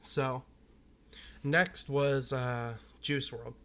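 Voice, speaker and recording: This vlogger, a young man from Arizona, USA, chats loosely and candidly to camera, wandering from thought to thought and cursing often. He talks extremely slowly, his voice bright with an edge, and his pitch barely rises or falls.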